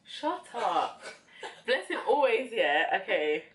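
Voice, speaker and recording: A woman's voice: a little high, sing-song, takes it slowly. A young woman vlogger chatting casually while doing her makeup, talking in a reflective, rambling way with many fillers. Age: young adult. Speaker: beauty vlogger.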